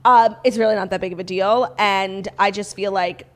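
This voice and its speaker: A woman's voice: medium pitch, fairly even intonation, moderate pace. A woman co-hosting a laid-back gossip show, chatting freely and sprinkling "like" through her talk. She builds into opinionated rants about the news of the day. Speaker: podcast co-host. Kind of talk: casual gossip chat.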